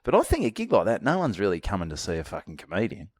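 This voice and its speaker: A middle-aged Australian man co-hosting a podcast, telling stories in a casual, animated way and swearing often. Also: fairly low pitch, fast talker, slightly rough, no echo. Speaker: podcast co-host. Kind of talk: casual chat.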